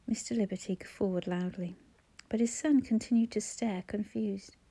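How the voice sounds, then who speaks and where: A woman reads a novel aloud in an even, measured way. Her voice is mellow and warm, recorded close on a dry studio mic with no room sound. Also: medium pitch, no room sound. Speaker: audiobook narrator. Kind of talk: scripted narration.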